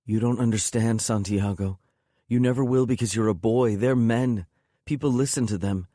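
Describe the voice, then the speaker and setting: A man's voice: medium pitch, normal speed, dark tone, no echo, clean studio sound, pitched above the performer's own voice, close to an everyday voice. A man voicing a young woman, tearful and defiant, in an audiobook. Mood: pleading. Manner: raised, pleading.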